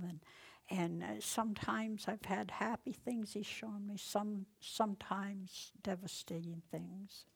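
A woman's voice: medium pitch, a little slow, gravelly, husky. A woman leading an informal Bible study, reading verses aloud with strong emphasis and commenting in a casual, folksy way, often dropping to a near whisper. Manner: reads verses aloud with loud emphasis, then drops to soft, near-whispered asides; conversational and folksy, with rhetorical questions.

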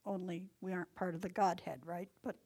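Fairly low and husky, a woman's voice moves briskly with a level tone while she guides an informal Bible study. She reads passages out with loud emphasis, then murmurs near-whispered commentary. Folksy and conversational, she frequently asks rhetorical questions.

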